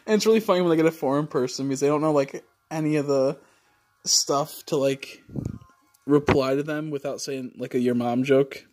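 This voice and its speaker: A man's voice: a little high, brisk, a little mellow, faint music behind. A man livestreaming, chatting casually and rambling with many fillers and casual swearing.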